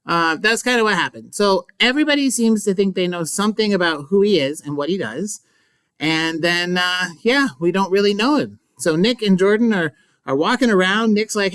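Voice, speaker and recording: An English teacher gives a casual, chatty recap of a book chapter, packed with asides and playful remarks in a mock-dramatic manner. The voice is mid-range, animated and smooth, at normal speed, on a dry recording.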